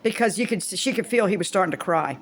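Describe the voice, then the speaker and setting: A woman's voice: mid-range voice, lively intonation, fast. A woman in her fifties talking casually to camera, rambling and blunt, swearing freely and restarting her sentences. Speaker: vlogger.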